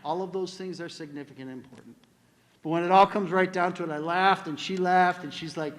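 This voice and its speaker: An older man addresses students at an induction ceremony, with a fairly high voice. His speech rings with the long reverb of a big hall. He tells stories in an unhurried, encouraging way. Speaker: school administrator giving a speech.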